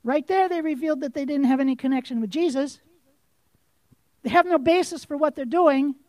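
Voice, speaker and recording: A woman preaching a sermon, impassioned and direct, firing questions at her listeners and rising to forceful outbursts. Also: sits high, brisk, dry recording.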